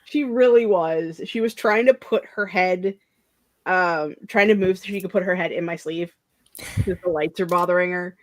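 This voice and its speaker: Sounding sleepy and yawning, a young streamer host chats casually on her productivity stream in a fairly low voice at a moderate pace. The recording is dry, and her talk wanders, broken up by frequent laughter.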